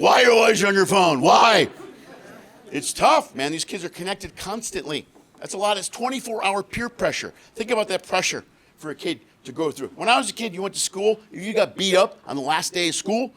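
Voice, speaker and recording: A middle-aged man doing a stand-up comedy set, telling stories with animated delivery and shouting the punchlines. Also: high-pitched, fast talker. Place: live comedy stage. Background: audience laughter.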